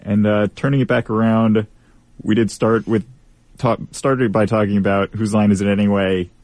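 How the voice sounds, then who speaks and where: A young man hosting a college radio show, talking in a measured, thoughtful way. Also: lowish voice, level tone, darkish tone, no room sound. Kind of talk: casual radio chat.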